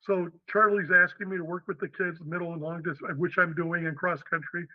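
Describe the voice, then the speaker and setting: An older man from western Pennsylvania, a guest telling stories in an animated way. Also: high-pitched, a little fast, no echo. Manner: animated, acts out the people in his stories. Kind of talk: storytelling interview. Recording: dry tinny phone-like line.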